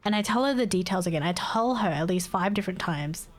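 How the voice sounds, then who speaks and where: A woman's voice: on the low side, lively intonation, quick pace, soft background music. A woman streamer telling a story to her chat in a casual way, exasperated, swearing freely and laughing often.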